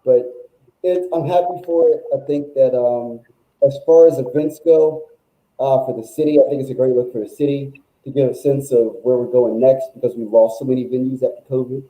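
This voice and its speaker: A male music journalist, a guest on a talk show, telling stories in a casual, animated, rambling way that is full of "like". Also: mid-range voice, fairly quick, reverberant, rough recording. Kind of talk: casual storytelling chat.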